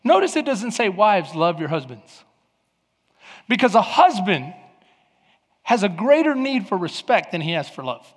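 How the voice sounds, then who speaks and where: A man preaching a sermon as pastor, telling stories lively and acting out the voices of the people in them. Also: high voice, normal speed. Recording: long hall reverb.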